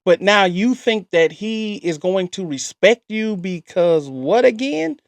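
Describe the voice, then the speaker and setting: Man, commentary, blunt lecturing tone, high-pitched, dry sound. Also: expressive, takes it slowly, no room sound. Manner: blunt, lecturing, direct advice. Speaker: reaction commentator. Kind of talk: commentary reacting to a clip.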